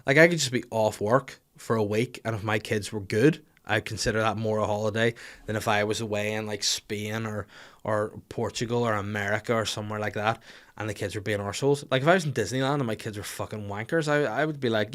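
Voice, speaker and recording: A man, hosting a comedy podcast in a crude, sweary, animated storytelling way. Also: on the low side, a little fast. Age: 30s. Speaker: podcast host. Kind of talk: casual comic podcast chat.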